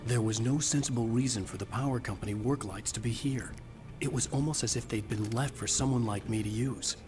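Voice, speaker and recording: An actor playing a weary male writer who narrates his own thriller in a game, with a measured, low noir delivery. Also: close to an everyday voice. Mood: brooding. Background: game music.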